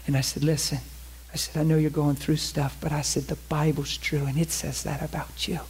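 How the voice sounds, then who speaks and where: A man's voice: fairly high pitch, level tone, fairly quick, slightly rough. A middle-aged man preaching a sermon in a conversational way, acting out quotes from his own story.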